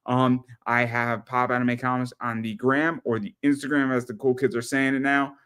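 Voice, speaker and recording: A man hosting a casual podcast chat, rambling and animated, often repeating words as he tells stories. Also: mid-range voice, normal speed, clear, resonant tone. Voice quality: rambling, animated storyteller with frequent stammered repeats. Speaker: podcast host.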